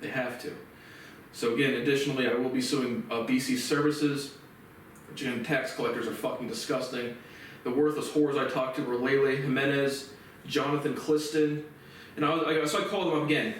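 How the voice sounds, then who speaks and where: A man's voice: medium pitch, steady tone, brisk, a little hiss or hum. Angry man ranting in echoey room. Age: 20s. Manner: agitated, swearing, voice rising into shouts. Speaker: vlogger. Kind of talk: angry profane rant to camera. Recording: very echoey room, far from mic.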